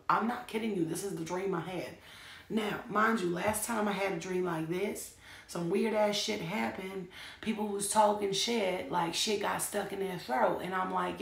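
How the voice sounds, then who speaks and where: Creaky-voiced woman doing chatty tarot readings. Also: lowish voice. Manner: rambling, profane, chatty. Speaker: tarot reader. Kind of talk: casual tarot reading stream. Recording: echoey room with faint noise.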